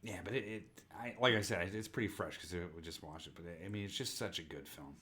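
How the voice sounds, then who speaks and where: A man's voice: low voice, fast talker, sharp tone. A man co-hosting a podcast in casual chat, enthusiastic and swearing often. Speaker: podcast co-host.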